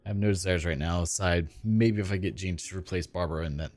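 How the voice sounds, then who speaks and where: A man's voice: low voice, fast, a little mellow, faint music behind. A man chatting casually while streaming a video game, rambling and self-deprecating. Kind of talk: casual gaming stream chat.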